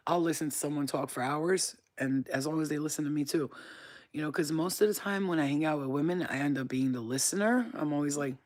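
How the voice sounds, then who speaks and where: A woman's voice: sits low, brisk, darkish tone. A woman from upstate New York chatting casually on a livestream, candid, swearing freely and laughing often.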